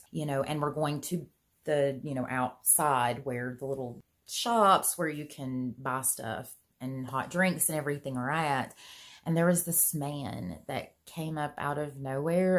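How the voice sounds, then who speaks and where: A woman with a slightly low voice tells a personal story to her vlog audience in an earnest, chatty way. She leans on "you know" and folksy turns of phrase, and her voice leaps upward whenever she gets worked up. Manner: chatty, earnest, pitch swings high when excited; many "you know" fillers, folksy grammar. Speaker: vlogger.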